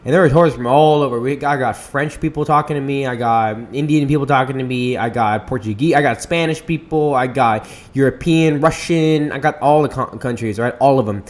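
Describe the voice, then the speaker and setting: A man's voice: medium pitch, a little fast, hardly any pauses. A man hosting a casual podcast, talking in a rambling way with frequent restarts and fillers. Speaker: podcast host. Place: Seattle area.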